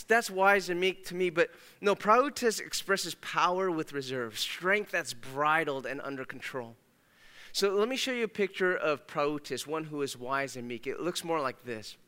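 Bright, clear-voiced male pastor preaching. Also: a little high, expressive, measured pace, long reverb tail. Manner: conversational, emphatic, shifts between loud and hushed. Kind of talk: sermon. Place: church sanctuary.

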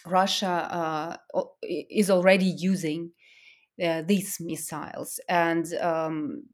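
A woman hosting a weekly news commentary, speaking earnestly with frequent fillers and restarts. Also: low-pitched. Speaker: news podcast host.

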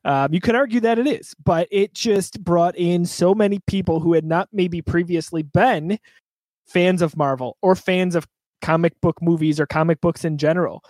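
A man's voice: high-pitched, moderate pace, a little mellow, no echo. A man co-hosting a movie review podcast, chatting casually and laughing through asides. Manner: flustered, apologetic, laughing. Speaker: podcast co-host. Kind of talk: casual chat.

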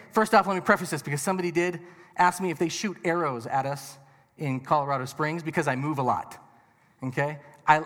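High-voiced man preaching in a hall. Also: fairly bright tone. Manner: conversational and joking with the audience, rhetorical questions. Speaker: pastor. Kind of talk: sermon. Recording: reverberant hall.

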